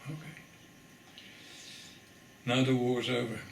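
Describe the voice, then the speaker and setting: An older man from the Netherlands giving an oral history testimony, telling his story in a measured way and pausing for weight. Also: mid-range voice, level tone, gravelly, echoey room, a little hiss or hum. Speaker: interviewee.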